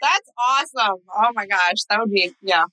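Bright-voiced woman hosting a chat. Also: medium pitch, moderate pace, no room sound, rough recording. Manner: supportive, reads viewer comments aloud. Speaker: host. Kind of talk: casual interview chat.

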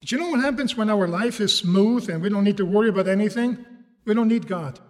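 A man's voice: sits high, fast, in a large hall. A man preaching a sermon in English, a language he learned later, telling stories and asking his listeners rhetorical questions. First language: not English. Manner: animated storytelling, rhetorical questions to the audience.

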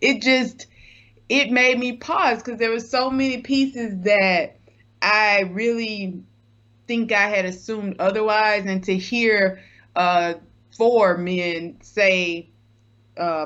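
A woman's voice: medium pitch, fairly bright tone, lo-fi sound. A woman guest co-host on a podcast, speaking in a thoughtful, reflective, casual way. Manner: thoughtful, reflective, laughs easily.

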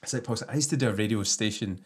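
A man hosting a casual interview chat, an affirming listener who turns reflective and soft-spoken when telling his own stories. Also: lowish voice, very fast, husky. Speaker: podcast host.

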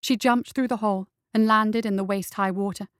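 A woman narrating a dark fantasy story in a steady, even reading voice. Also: medium pitch, fairly quick, smooth, dry recording, clean studio sound. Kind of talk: audiobook narration.

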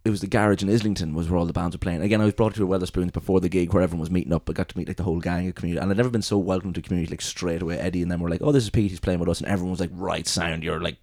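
A young adult Irish man in casual chat, telling a story in a rambling, animated way and swearing freely. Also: low voice, very fast, hardly any pauses, no room sound, studio quality.

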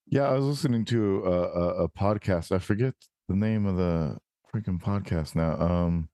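A man's voice: deep voice, unhurried, a little mellow, no echo, studio quality. A male host chatting casually, laid-back and asking curious questions. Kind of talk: casual conversation.

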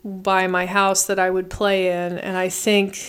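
A woman chatting casually with a smooth, clear voice, pitched in the middle range. She retells a story with animated energy, slipping into little acted quotes. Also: measured pace. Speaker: co-host recapping a film. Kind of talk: casual chat.

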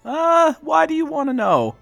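Man player, bright and lively pitch, wry deadpan delivery. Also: normal speed, gravelly, dry recording, faint music behind. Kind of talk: tabletop game play.

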